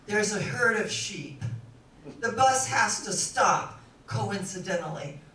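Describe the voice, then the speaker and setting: A woman minister telling a story in a sermon, animated and playful. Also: medium pitch, takes it slowly. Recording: echoey room, distant mic, faint noise.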